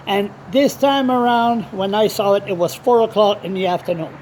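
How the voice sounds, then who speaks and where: A man's voice: high voice, normal speed, darkish tone, a little hiss or hum. A man blogger telling a rambling story in a casual vlog, swearing freely.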